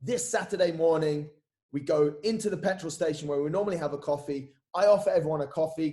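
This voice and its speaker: A man's voice: on the high side, quick pace, mellow. A man telling his story as a podcast guest, casual and candid, often saying "mate", repeating words and swearing freely.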